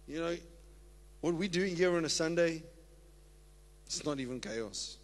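A man preaching a sermon as pastor, moving from steady scripture reading to whoops and laughter. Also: fairly high pitch, a little slow. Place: church sanctuary. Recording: long church-hall reverb.

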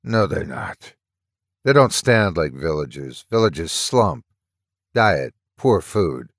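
A stern, sharp-eyed old lighter, voiced by a man, questions strangers in a low voice. He is harsh and commanding in a dry, close recording. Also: big pitch swings, slow pace, no echo, exaggerated voice. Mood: suspicious.

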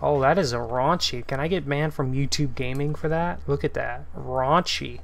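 Male streamer, mid-pitched, rambling and cursing over gameplay, prone to sudden yells. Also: unhurried, gravelly, few pauses. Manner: profane, excitable, with sudden shouts. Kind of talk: live gameplay commentary.

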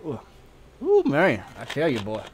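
A man's voice: medium pitch, huge pitch swings, normal speed, slight background noise. Casting: male streamer, casual chat, voice strained and sniffly from spice, swears a lot. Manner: pained, coughing and spitting, cursing freely. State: drooling, tearing up, sniffly.

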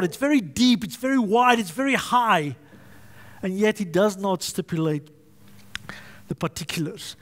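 A male pastor preaching a sermon, emphatic and fond of repetition and alliteration. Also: high voice.

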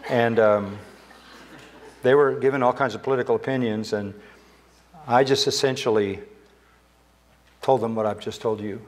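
An older man preaching a sermon in a church sanctuary, with emphatic delivery that climbs higher when he quotes Scripture. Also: fairly even intonation, normal speed, long pauses. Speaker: pastor.

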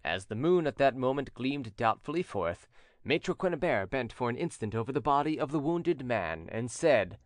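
Brief: male audiobook narrator, lively, expressive, slightly high voice, dry close sound. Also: normal speed, dry recording. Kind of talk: scripted narration.

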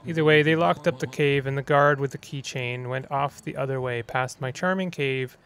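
A man's voice: medium pitch, moderate pace, a bit bright, close to an everyday voice. A man voicing a charming, theatrical male sidekick locked in a cage, speaking in a wry, courtly way. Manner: wry, courtly, self-amused.

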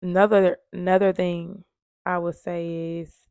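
A woman's voice: fairly low pitch, little pitch movement, a little slow, a little mellow, clear, resonant tone, dry recording. A woman earnestly telling her own story of surviving domestic violence, with emphatic repetition. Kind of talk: emotional personal storytelling.

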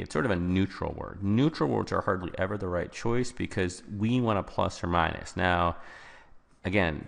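A man's voice: low voice, vocal fry, fairly bright tone, in a large hall. A man explaining vocabulary answers as a test-prep tutor, informal and thinking aloud with small restarts.

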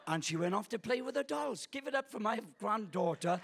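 A man's voice: high voice, brisk, few pauses, fairly bright tone. A man in his sixties, a guest pastor preaching a sermon in a church auditorium on a stage microphone, telling stories with humor and self-deprecating jokes. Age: 60s.

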